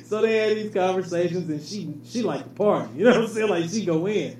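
A man's voice: sits high, a little fast, a little mellow. A man telling stories in casual, profane chat, laughing often. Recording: echoey room, faint noise.

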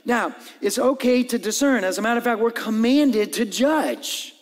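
High-voiced pastor in an echoing hall. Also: male voice, normal speed. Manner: animated, acts out dialogue and jokes with the congregation. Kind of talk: sermon. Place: church hall with long reverb.

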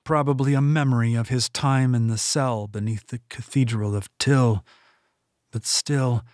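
A man narrating a fantasy audiobook in a steady, deliberate reading. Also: medium pitch, no room sound, clean studio sound. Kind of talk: scripted narration.

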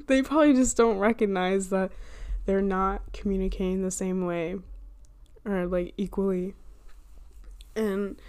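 A young woman talks alone into her microphone in a loose, rambling podcast monologue. She fills her sentences with "like," laughs at herself often and drifts between advice and self-teasing. Her pitch sits in an ordinary middle range. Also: a little mellow. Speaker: podcast host. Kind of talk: casual solo podcast monologue. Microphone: handheld or desk microphone she bumps.

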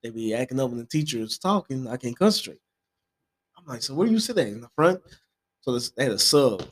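A man's voice: mid-range voice, fairly quick. A father in casual chat, animatedly telling stories and acting out the quotes. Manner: animated storyteller, acts out quotes.

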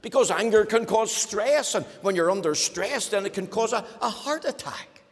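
A man's voice: high voice, animated, moderate pace, long reverb tail. A man preaching a sermon as the pastor, speaking with strong emphasis and acting out the complaints of his listeners. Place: church.

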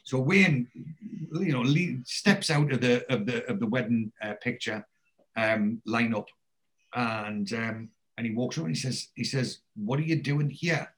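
A man with a mid-range voice hosts a podcast, walking through a TV episode at a measured pace. His casual recap turns animated whenever he plays out what the characters said.

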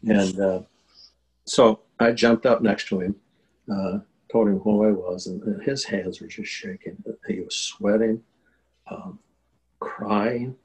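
Older man, deep voice, earnest interview storyteller with fillers. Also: fairly even intonation, takes it slowly, darkish tone, poor audio. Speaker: guest telling a war veteran story.

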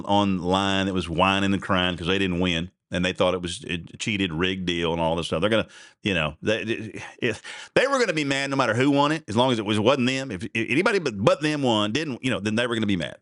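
A man's voice: lowish voice, fast, a bit bright, no room sound, clean studio sound. A middle-aged man hosting a radio show in a rambling, folksy, chatty way with many restarts. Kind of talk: casual radio talk.

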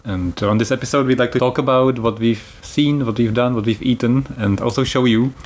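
A man's voice: medium pitch, steady tone, a little fast. A man hosting a casual travel podcast, explaining things in a chatty way and laughing easily. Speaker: podcast host.

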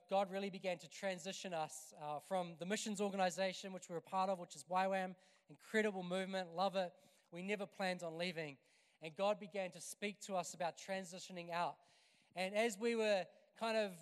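A man with a high, smooth and resonant voice preaches an energetic sermon to a church congregation. He builds to loud, emphatic passages, and his voice rings through a hall with a long reverb. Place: church hall, evening service.

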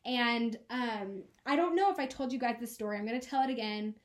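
A young woman in her twenties, a podcast co-host, telling a personal story in an earnest, emotional way. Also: a little high. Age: 20s. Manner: earnest, emotional, quick laughs. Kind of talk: casual chat, personal story.

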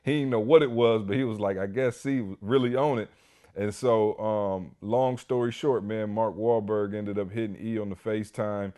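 A man co-hosting a podcast, telling a story in a casual, animated way full of "you know" and "like". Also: on the low side, moderate pace. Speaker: podcast co-host.

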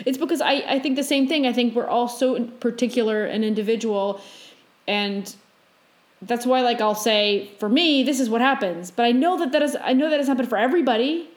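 Woman, podcast co-host, high voice, animated, laughs a lot, echoey room. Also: a little fast. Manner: animated, laughs often, acts out her inner voice. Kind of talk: casual chat.

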